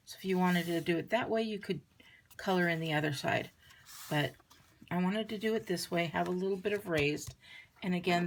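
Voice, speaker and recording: A woman with a lowish, gravelly voice walks viewers through a card-making project at an unhurried pace. She chats casually as she works, with a little hiss of noise behind her. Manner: chatty, relaxed, talks while working. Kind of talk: crafting tutorial demonstration.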